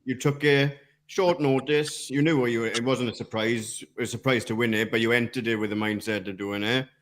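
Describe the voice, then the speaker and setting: A man hosts a podcast in a loose, joking chat, dropping the odd swear word. His voice sits at an ordinary middle pitch. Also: steady tone, fairly quick, fairly bright tone, a little hiss or hum. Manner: banter with swearing and laughs. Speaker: podcast host. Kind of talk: casual chat.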